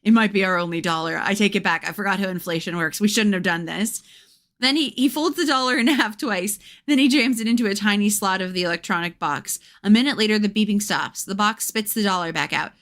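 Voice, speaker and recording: A woman's voice: medium pitch, fast talker, hardly any pauses, a bit bright. A woman streamer reading a gamebook aloud and breaking off for chatty, wry asides.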